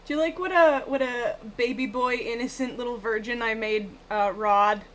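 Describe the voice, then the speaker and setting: A woman's voice: a little high, fairly even intonation, normal speed, fairly bright tone, a little hiss or hum. A woman streaming and commenting casually, sarcastically mocking what she watches. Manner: sarcastic, mockingly repeats others' lines.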